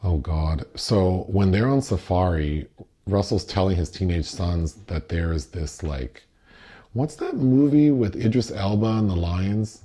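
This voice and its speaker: A man's voice: deep voice, animated, measured pace, dark tone. A man co-hosting a casual film review chat, retelling the plot with sardonic asides. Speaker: podcast co-host.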